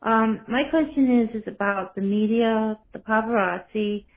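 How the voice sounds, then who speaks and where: A woman's voice: a little high, fairly even intonation, measured pace. Polite woman caller on a tinny phone line. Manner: polite, earnest, slightly rambling. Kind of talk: voicemail question.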